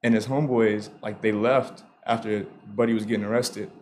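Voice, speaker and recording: A man's voice: on the low side, fairly even intonation, normal speed, a little mellow, a little hiss or hum. A young man co-hosting a podcast, talking in a laid-back way and filling his sentences with "like". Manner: laid-back, filler-heavy, many "like"s. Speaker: podcast co-host. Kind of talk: casual chat, storytelling.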